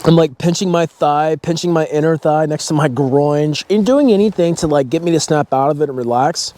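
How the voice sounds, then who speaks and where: A man's voice: fairly high pitch, a little fast, mellow. A man giving a casual motivational talk about breathing, blunt and swearing freely, speaking straight to his viewers. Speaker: self-help vlogger.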